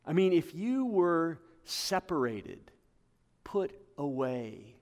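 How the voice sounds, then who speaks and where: A man preaching a sermon to his congregation, building to emphatic peaks and dropping to quiet asides. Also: big pitch swings, slow pace. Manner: passionate, rising to emphatic peaks then dropping low. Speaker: pastor. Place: church hall with congregation. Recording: long hall reverb.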